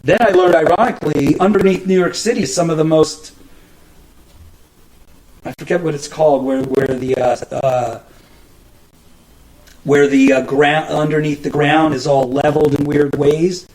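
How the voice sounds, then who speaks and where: Middle-aged male podcast host, loose profane storyteller, slightly high voice. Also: fairly even intonation, moderate pace, long pauses, darkish tone, rough recording. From New Jersey. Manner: rambling, profane, many restarts and fillers. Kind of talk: casual storytelling monologue.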